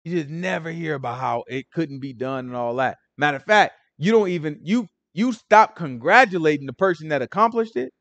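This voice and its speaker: A man teaching a Bible study in loose, slangy conversational talk, animated and often checking in with his listeners. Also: fairly high pitch, fairly quick, few pauses, no echo. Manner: animated, slangy, keeps asking listeners "right?".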